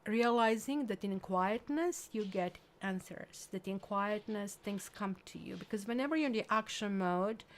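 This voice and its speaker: A woman's voice: medium pitch, normal speed, hardly any pauses. Chatty woman reading tarot, accented. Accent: non-native English accent. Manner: chatty and rambling, with many fillers like "like" and "um". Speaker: tarot reader. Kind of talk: casual tarot reading monologue.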